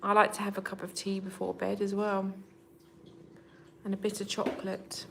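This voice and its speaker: A woman's voice: medium pitch, monotone, moderate pace, creaky, background noise. A woman hosting a casual livestream from home, chatting with viewers and talking to her cats. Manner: chatty, talks to her cats in a soft baby voice. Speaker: livestream host.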